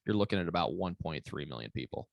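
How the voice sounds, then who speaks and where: A man's voice: sits low, expressive, quick pace, gravelly, dry recording. A man giving long, rambling interview answers as a commercial real estate broker, with many fillers and restarts. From Kentucky.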